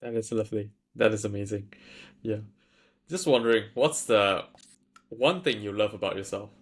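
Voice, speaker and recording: A man's voice: fairly low pitch, moderate pace. A man hosting an interview, encouraging his guest and praising his answers before asking reflective questions. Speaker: interview host. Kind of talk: casual interview conversation.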